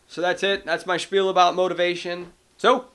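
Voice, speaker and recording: A man's voice: high voice, little pitch movement, fairly quick, fairly bright tone, clean tone. A man, an independent animator, talking casually and explaining his process into a cheap desk microphone at home. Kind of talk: casual vlog talk.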